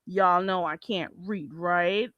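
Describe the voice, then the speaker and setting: A woman hosting a casual livestream, animated, laughing often and greeting chatters on a close mic. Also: on the low side, slow pace, no echo, dull audio. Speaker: livestream host.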